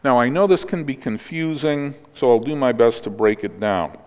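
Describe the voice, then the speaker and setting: A man preaching, calmly explaining scripture and closing in prayer. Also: medium pitch, moderate pace, smooth, long reverb tail. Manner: explanatory teaching, ends in prayer. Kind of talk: sermon.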